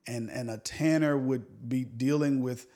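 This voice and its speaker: Slow, unhurried man discussing scripture. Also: medium pitch, fairly even intonation, dark tone. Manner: unhurried, thoughtful, with many fillers and restarts. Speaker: podcast co-host. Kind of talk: casual Bible discussion.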